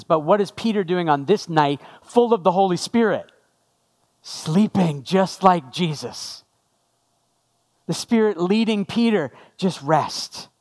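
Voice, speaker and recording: A pastor with a high voice delivers a sermon in a conversational style, putting questions to his congregation.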